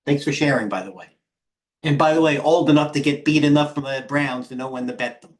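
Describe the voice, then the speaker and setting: A man's voice: mid-range voice, fairly quick. A man, hosting a live trading stream in brash, rambling commentary that reads out chat and lets slip swear words. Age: 50s. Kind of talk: casual live market commentary.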